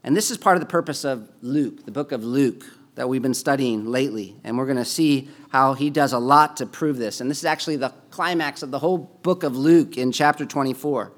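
A man's voice: medium pitch, a little fast, hardly any pauses. A man preaching a sermon to his congregation in a conversational way, rising in force on key points. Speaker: pastor.

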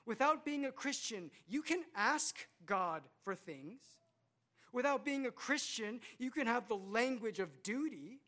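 A man's voice: very high voice, lively intonation, a little slow, a bit bright. A man in his thirties preaching a sermon, earnest, with rhetorical questions and repetition. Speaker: pastor.

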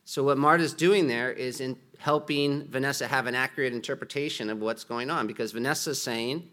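Sharp in tone, this middle-aged man's mid-range voice runs a little fast with few pauses. Teaching as a pastor in a sermon style, he stays conversational, frequently restarts, and performs the quotes he cites.

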